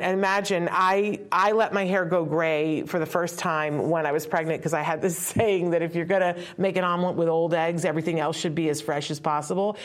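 A woman in her fifties, an author and parent, giving a live talk to an audience. She tells a personal story in a conversational way, with asides and voices for other people, and sounds close to tears. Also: on the low side.

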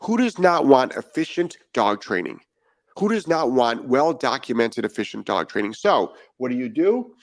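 A man's voice: mid-range voice, big pitch swings, moderate pace, dry recording. A man talking as a dog trainer in a podcast monologue, blunt and profane and firing off rhetorical questions.

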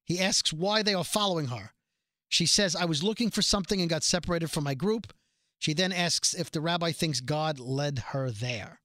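A man's voice: a little high, moderate pace, a bit bright, no room sound, clean studio sound. A man co-hosting a casual podcast, reading out a plot summary with jokey asides. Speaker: podcast co-host recapping a TV episode. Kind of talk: casual chat.

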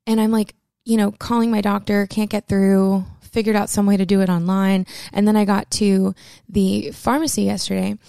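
A young woman talks candidly and emotionally into the camera, her words tumbling out with plenty of fillers. Her voice is mellow and dark, with a strong gravelly fry. The sound is dry and close, with no room around it. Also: mid-range voice, level tone, moderate pace, few pauses, no echo. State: close to tears at times. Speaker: vlogger. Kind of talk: personal storytelling to camera.

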